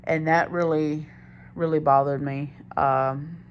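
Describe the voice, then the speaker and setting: A woman's voice: deep voice, steady tone, slow, muffled recording, a little hiss or hum. A young woman recounting a personal story in a candid, rambling confessional monologue, often doubling back on herself. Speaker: diary vlogger.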